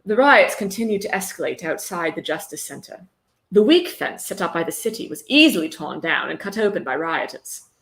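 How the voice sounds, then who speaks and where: A woman reading aloud in a deliberately hammy put-on British accent. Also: on the low side, lively intonation, fairly bright tone. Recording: roomy echo.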